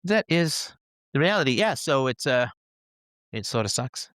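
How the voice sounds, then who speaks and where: A man's voice: medium pitch, sing-song, a little slow, fairly bright tone, dry recording, studio quality. A man hosting a livestream, giving sarcastic commentary with crude humor. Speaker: podcast host.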